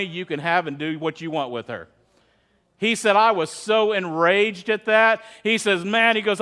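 A middle-aged male pastor with a high voice preaches to his church. He talks easily and tells a story, slipping into the voices of the people he quotes. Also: fairly bright tone, smooth. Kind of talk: sermon.

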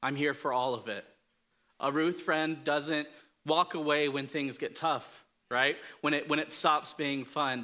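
A preacher with a slightly high voice sounds bright and forceful. He gives a laid-back storytelling sermon, chatting in a conversational way, making fun of himself, and regularly stumbling into fillers and restarts.

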